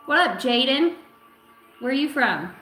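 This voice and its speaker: A woman in her thirties gives a casual livestream card reading, greeting viewers with playful, profane banter. Her voice sits fairly high. The room rings with echo, and faint music plays behind her. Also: animated, a little slow, bright, forceful tone. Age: 30s. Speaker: tarot and oracle card reader.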